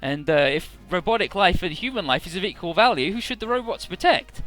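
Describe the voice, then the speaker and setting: A man's voice: high voice, lively intonation, a little fast, pushed and bright, faint music behind. A man voicing a skeptical twin robot as he paraphrases game dialogue, questioning.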